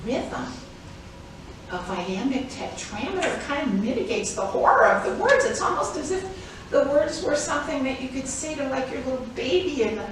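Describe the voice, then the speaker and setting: A woman's voice: sits high, lively intonation, moderate pace. An older woman giving an informal, chatty performance talk as an author at a library, laughing often as she speaks. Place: public library event room. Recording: very echoey room, distant mic, faint noise.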